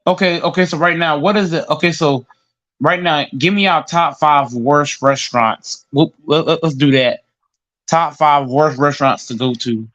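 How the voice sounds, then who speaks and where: A man's voice: on the high side, normal speed, a bit bright. A man in casual podcast chat who stammers and repeats words as he talks. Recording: dull lo-fi recording.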